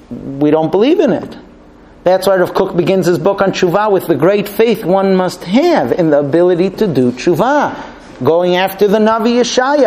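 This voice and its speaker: A man's voice: high voice, a little mellow. A man teaching a Torah class, earnest and conversational, telling a personal story. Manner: earnest, storytelling, with restarts and light laughs.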